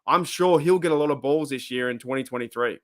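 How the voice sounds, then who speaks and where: A man's voice: medium pitch, fast talker, a bit bright. A middle-aged Australian man hosting a casual live stream, chatting, rambling and laughing often as he reads viewer comments.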